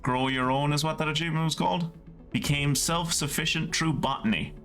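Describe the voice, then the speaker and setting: A man streaming a story game, reading the narration aloud and commenting casually, excitable and prone to swearing. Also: on the high side, a little fast, soft background music.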